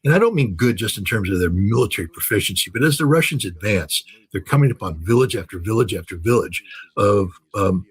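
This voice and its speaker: A man's voice: on the low side, expressive, a little fast, husky, low-quality recording. An older man talking in an unscripted interview as a guest commentator, emphatic and repeating phrases for stress.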